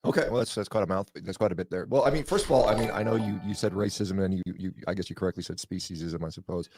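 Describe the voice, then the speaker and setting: A man who is a doctor answers a debate opponent quickly. His voice sits fairly low. He hedges constantly, restarting phrases and leaning on "I mean.". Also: darkish tone. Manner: hedging, restarts, many "I mean"s. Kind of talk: debate reply.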